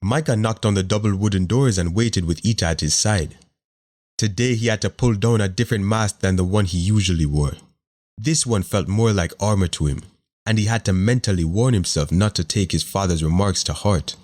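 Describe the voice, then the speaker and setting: This is scripted-style narration of a fantasy audiobook by a man whose voice is very low. He delivers it in a steady, measured manner.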